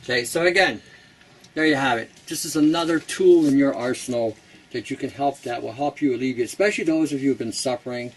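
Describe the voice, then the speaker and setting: A man's voice: medium pitch, fast talker, a little hiss or hum, poor audio. A man hosting a casual how-to talk, chatty and blunt, laughing at his own jokes. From Canada. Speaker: host.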